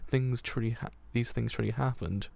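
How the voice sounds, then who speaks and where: Fretful clumsy young gem, puts itself down a lot, gravelly voice read by a man. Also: mid-range voice, fairly even intonation, normal speed, a little mellow, no echo. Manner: fretful, self-deprecating.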